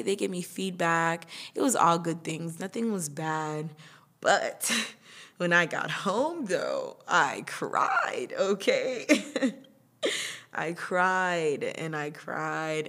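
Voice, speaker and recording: A young woman with a slightly low voice talks through her year on her own podcast. She is chatty and laughs often, and she slips into other people's voices when she quotes them. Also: fairly bright tone. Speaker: podcast host. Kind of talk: casual personal monologue.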